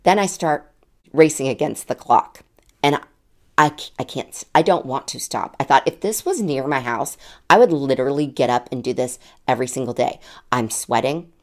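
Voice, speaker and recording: A woman in her late forties with a low, gravelly voice hosts her own podcast. She tells a personal story in a chatty, self-deprecating way, laughing often. Her pitch stays low, with a rough edge. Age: 40s. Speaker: podcast host.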